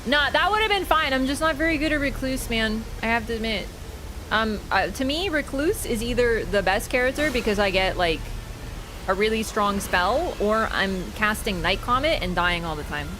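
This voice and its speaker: This gaming streamer, a young woman with a slightly high voice at normal speed, gives live commentary against game music and a noisy background. She curses, shrieks and laughs when fights break out, and doesn't mince words scolding her chat.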